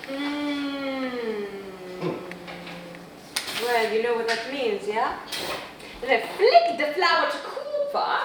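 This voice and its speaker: An actress playing a witty, self-mocking glamorous film star in a staged theatrical monologue, laughing often. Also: female voice, sits high, heavy reverb, far from the mic, background noise, exaggerated voice. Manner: wry, playful, laughing often, drawn-out delivery.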